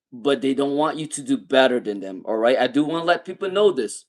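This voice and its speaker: A man in his thirties telling a personal story in casual monologue, emphatic and animated, often repeating his points. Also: mid-range voice, a little fast, hardly any pauses. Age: 30s. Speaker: tarot channel host.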